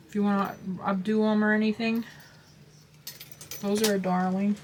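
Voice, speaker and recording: A woman's voice: mid-range voice, slight background noise. A woman craft vlogger chatting casually about her haul, gushing and rambling with lots of fillers and restarts.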